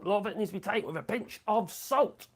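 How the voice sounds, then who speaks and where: Fast-paced and high-pitched, with a slightly rough edge, a Norfolk-accented English man hosts an informal live stream. He reads comments from viewers in a crude, mocking, chatty style, often muttering to himself on the side.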